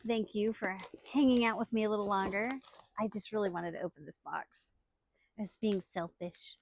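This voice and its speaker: A woman hosting a casual unboxing vlog, chatty and excitable, laughing often as she talks. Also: mid-range voice, moderate pace, vocal fry, slight background noise. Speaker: channel host.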